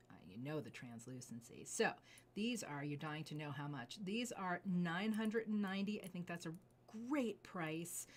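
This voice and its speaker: A middle-aged woman, a jewelry designer, showing off her pieces in an effusive, gushing way, often dropping to soft asides. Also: low-pitched, slight background noise. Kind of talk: enthusiastic product showcase.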